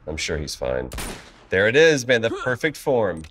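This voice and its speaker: Animated man coaching a gameplay session. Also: lowish voice, moderate pace, a little hiss or hum. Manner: animated, coaching, playful sound effects. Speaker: let's play co-host. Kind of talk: casual gameplay banter.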